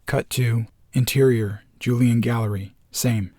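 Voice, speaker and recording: A man reading a screenplay aloud as narrator, steady and matter-of-fact. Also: medium pitch, measured pace, dry recording, clean studio sound.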